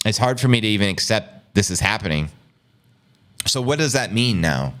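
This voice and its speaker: A man's voice: on the low side, animated, moderate pace, fairly bright tone. A man hosting a crypto news show, giving exasperated, incredulous live reaction commentary in a rambling way.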